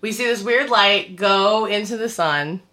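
A woman with a mid-range voice and measured pace co-hosts a podcast, casually recapping a horror film. She's an animated storyteller who acts out the scenes, swears casually, and says "like" often.

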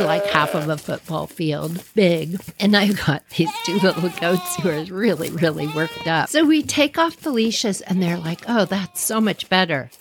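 Lively woman telling an animated story. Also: on the low side, a little hiss or hum. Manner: animated, laughs while telling. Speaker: podcast host. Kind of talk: personal storytelling.

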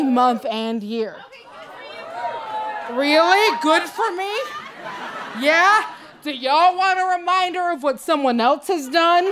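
A young adult woman performing a stand-up set live, animated and laughing, jumping to high squeals on punchlines. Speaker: stand-up comedian. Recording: live club mic with faint crowd noise.

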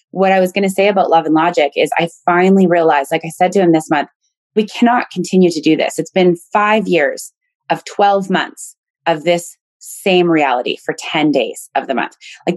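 Candid storytelling woman, low voice. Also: no room sound. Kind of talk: casual conversation.

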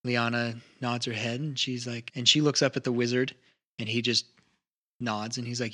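A man narrating as game master of a tabletop game in a relaxed, rambling way. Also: mid-range voice, normal speed.

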